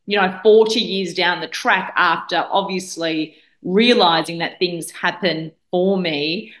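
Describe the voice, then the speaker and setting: A woman in her forties who grew up in Australia, speaking as a guest. Her voice sits on the low side, and she tells her story earnestly, often stopping to restart a sentence. The recording carries a noticeably roomy echo. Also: measured pace, fairly bright tone. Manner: earnest, with frequent restarts and fillers. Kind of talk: reflective storytelling in conversation.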